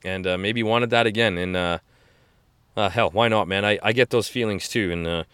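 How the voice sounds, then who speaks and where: Chatty forty-year-old man, smooth low voice. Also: normal speed, a bit bright, no echo. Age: 40s. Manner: enthusiastic, rambling with many restarts and "man". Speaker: podcast host. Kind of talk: casual fight-recap chat.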